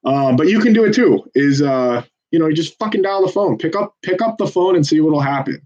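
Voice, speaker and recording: A man's voice: on the high side, animated, a little fast, darkish tone, lo-fi sound. A man volunteering at a phone bank, chatting casually to viewers between calls in a rambling, profane, self-deprecating pep talk.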